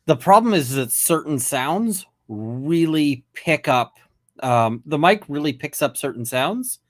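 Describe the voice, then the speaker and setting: A man's voice: fairly high pitch, lively intonation, unhurried, a bit bright. A man hosting a casual chat, talking loosely and swearing at times. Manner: casual, swearing, tangent-prone. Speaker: host.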